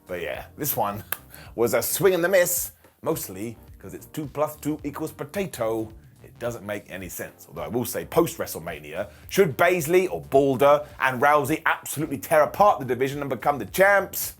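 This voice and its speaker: Jokey man with husky voice. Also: mid-range voice, sing-song, a bit bright, soft background music. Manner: jokey, sarcastic, quick mock impressions. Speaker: wrestling show reviewer. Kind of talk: comedic recap monologue.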